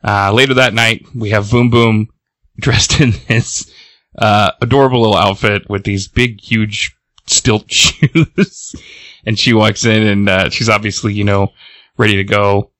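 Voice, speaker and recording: A man hosting a comics podcast retells a story in a loose, rambling way. His voice sits low and the sound is dry and close to the mic. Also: steady tone, a little slow, fairly bright tone, dry recording. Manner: rambling, acts out characters. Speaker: podcast host. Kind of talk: casual comic recap.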